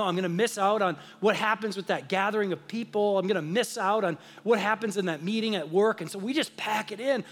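A man giving a conversational sermon, slowing down for emphasis at key phrases. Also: high voice, big-room sound. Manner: conversational, animated preaching with emphatic slow phrases. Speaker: pastor.

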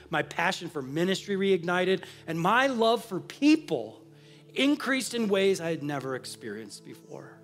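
Male pastor with a high voice who preaches his testimony earnestly over faint music. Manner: earnest and confessional, swinging from hushed to emphatic. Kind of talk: sermon with personal testimony.

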